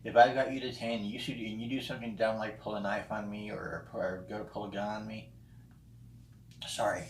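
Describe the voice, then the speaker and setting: A low-voiced vlogger reacts to a friend's video with flat, fairly quick delivery. His casual monologue is blunt and profane, full of ums and restarts, recorded in an echoey room with faint background noise.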